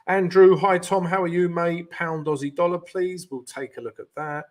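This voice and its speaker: A man hosting a live trading stream, casually talking through chart analysis and answering viewers, often calling them guys and filling pauses with yeah and um. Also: a little high, steady tone, darkish tone. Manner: casual, addresses viewers as guys, many fillers.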